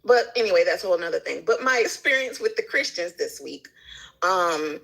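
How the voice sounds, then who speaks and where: Gravelly-voiced woman chatting animatedly. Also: fairly low pitch, fairly quick, low-quality recording. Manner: animated storytelling, acting out quoted people. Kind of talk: casual chat.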